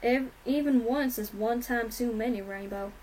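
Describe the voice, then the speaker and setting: A tough country farm mare, as a woman acts her out, gruff and demanding in tone. It sounds like a homemade storybook reading, with faint noise under the voice. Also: on the high side, moderate pace, darkish tone, lightly acted. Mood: angry.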